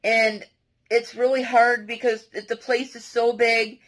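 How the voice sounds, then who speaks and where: A woman speaking directly to her viewers in a personal confessional vlog, earnest and halting, often restarting her sentences. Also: on the high side, steady tone, fairly bright tone, low-quality recording. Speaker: vlogger.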